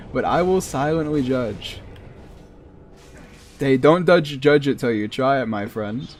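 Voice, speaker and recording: This is a man with a mid-range, slightly mellow voice and a Massachusetts accent. He chats casually while streaming a game, drifting between asides and chuckling along the way.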